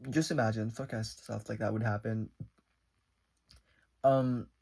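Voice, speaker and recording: A young man vlogging a casual storytime, rambling and animated, with lots of fillers as he retells a conversation. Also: lowish voice, measured pace, vocal fry, husky.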